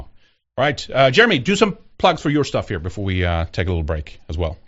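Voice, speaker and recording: A man hosting a talk show, chatting loosely with many restarts and reading out supporter shout-outs. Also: fairly low pitch, wildly swooping pitch, fairly quick, lo-fi sound, soft background music. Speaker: podcast host. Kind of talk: casual chat and live-show shout-outs.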